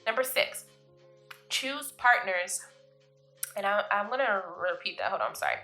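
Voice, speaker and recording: A woman's voice: medium pitch, normal speed, pauses often, sharp tone, faint music behind. A woman hosting her vlog, giving casual, emphatic life advice, often laughing and calling listeners "boo". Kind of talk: casual motivational talk to camera.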